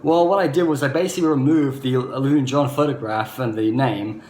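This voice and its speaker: A vlogger in his thirties with an Australian accent tells a personal story to camera quickly, in a mid-range, darkish voice. He's earnest and rambling, leaning often on "basically" and "you know," in an echoey room with faint background noise.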